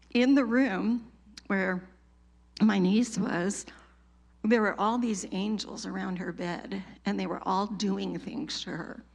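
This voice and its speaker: A middle-aged woman sharing an emotional personal testimony with a church group, telling it with animated feeling and laughs. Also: lowish voice, vocal fry.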